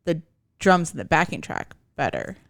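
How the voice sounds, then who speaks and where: Lively-voiced podcast co-host, dry sound. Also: mid-range voice, moderate pace, gravelly, dry recording. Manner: agreeable, laughs easily. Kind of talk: casual chat.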